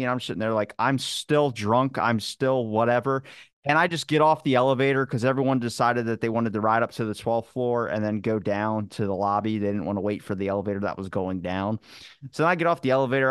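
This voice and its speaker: A man hosting a podcast, telling a rambling story in a casual, animated way and swearing freely. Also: medium pitch, smooth, no room sound, clean studio sound. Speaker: podcast host. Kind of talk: casual chat.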